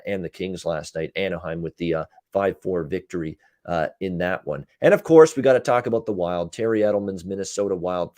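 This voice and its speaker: A man hosting a casual sports betting chat, recapping games in quick runs with frequent "uh" fillers. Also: low voice, darkish tone, no room sound, studio quality. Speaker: betting show host and handicapper.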